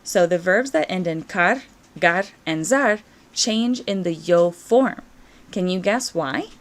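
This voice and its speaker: A woman Spanish teacher, encouraging and slow and clear as she walks through verb conjugations in a recorded lesson. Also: fairly low pitch, lively intonation.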